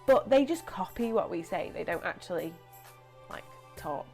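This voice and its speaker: A young woman presenting a lively children's church story, chatty and animated. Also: lowish voice, moderate pace, soft background music. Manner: animated, chatty, acts out voices.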